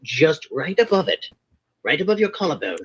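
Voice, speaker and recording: A man's voice: fairly high pitch, sing-song, normal speed, fairly bright tone, slightly rough. A playful man from the southern United States, chatting casually as a podcast co-host. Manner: playful, slips into silly voices. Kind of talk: casual chat. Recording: dull, lo-fi sound.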